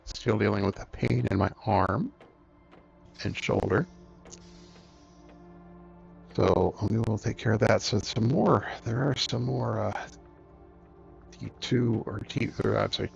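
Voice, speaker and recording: A man hosting a game let's-play, thinking aloud in an unhurried way as he plays. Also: on the low side, steady tone, vocal fry. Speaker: gaming channel host. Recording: dull lo-fi recording, faint music.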